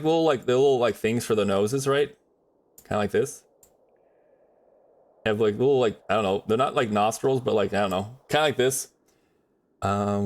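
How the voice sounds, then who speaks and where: A man's voice: lowish voice, a little mellow. A man chatting casually on a livestream while drawing, rambling in a friendly way with many fillers and restarts.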